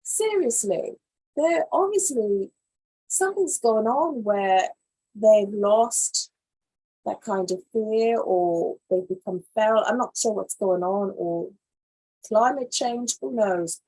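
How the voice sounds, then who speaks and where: A young woman hosts a casual live animal news show with a husky, slightly breathy voice. She reads stories aloud and comments on them in an animated way. She swings between loud, excited bursts and quiet muttered asides. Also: medium pitch, slow pace. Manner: animated, reacts loudly then drops to quiet asides.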